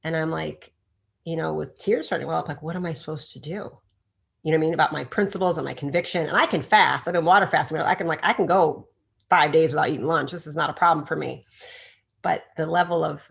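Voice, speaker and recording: Her voice is low and gravelly, and she talks fast. As a middle-aged chiropractor being interviewed on a podcast, she's a lively storyteller who imitates the people she quotes.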